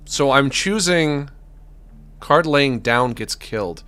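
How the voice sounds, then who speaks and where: A man streaming a video game, thinking aloud in an animated, self-mocking way with sudden exclamations. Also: medium pitch, takes it slowly, clean tone. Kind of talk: let's-play commentary.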